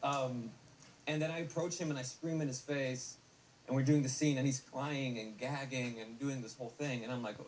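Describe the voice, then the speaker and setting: A man's voice: medium pitch, steady tone, moderate pace, a little mellow. Young man, actor guest, rambling chat, heard from a distance, faint hiss. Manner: rambling with many fillers and restarts. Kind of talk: casual interview chat. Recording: distant mic with faint noise.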